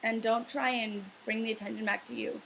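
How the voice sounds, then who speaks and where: A woman's voice: fairly high pitch, steady tone, a little fast, creaky, fairly bright tone, slight background noise, poor audio. A young woman in a casual advice vlog, earnest and rambling, with many filler words. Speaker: vlogger.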